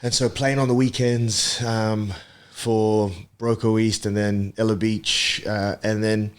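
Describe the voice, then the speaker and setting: A man in his thirties from Papua New Guinea, a podcast guest telling his story in a relaxed, reflective way with many ums and restarts. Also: on the low side, slow pace, smooth. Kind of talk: casual interview chat.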